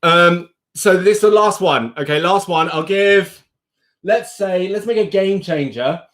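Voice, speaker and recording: A man's voice: high voice, a little slow, a bit bright. A young man hosting a casual live stream, chatty and often breaking into laughter. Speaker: livestream host.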